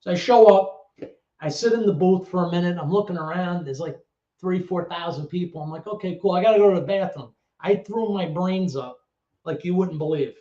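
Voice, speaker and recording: A middle-aged New man tells his stories with animated, streetwise energy, slipping into other people's voices and swearing freely. His voice sits a little high for a man. The recording is roomy and echoey, with a dull, lo-fi sound. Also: a little fast. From the Bronx, New York. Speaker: guest, former actor and DJ. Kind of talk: casual storytelling interview.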